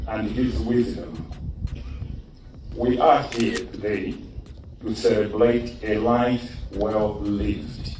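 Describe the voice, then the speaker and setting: An older man giving a formal, measured funeral tribute on behalf of friends, speaking slowly and deliberately. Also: lowish voice, heavy reverb, distant mic, noisy background. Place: outdoor funeral gathering.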